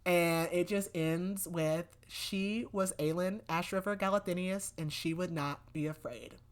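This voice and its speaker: A young woman with a notably low voice hosts a podcast, breezily summarizing a novel. She talks casually, leans on "like" and "whatever", and slips into quick, loose versions of what the characters said. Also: fairly even intonation. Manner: chatty, many "like" fillers, acts out quotes loosely. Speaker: podcast host. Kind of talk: casual book recap.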